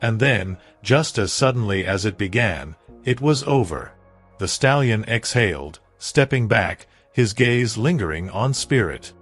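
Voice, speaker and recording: Guy reading a dramatic story, low voice, swoops up and down a lot, soft music behind. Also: lively intonation, unhurried, slightly rough. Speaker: narrator. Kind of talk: dramatic scripted narration.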